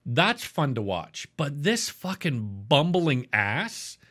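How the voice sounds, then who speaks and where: A man's voice: fairly high pitch, big pitch swings, slow, fairly bright tone. A man co-hosting a podcast, casually reviewing a TV episode in a blunt, profane, rambling way. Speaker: podcast co-host.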